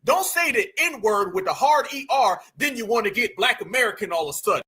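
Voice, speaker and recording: A male host reacts to clips with mocking indignation and often speaks straight to his viewers. His voice is very high and bright, and it rises and pushes hard when he gets worked up. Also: a little fast, husky. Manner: mocking, indignant, animated, addresses viewers as family. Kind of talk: casual commentary on video clips.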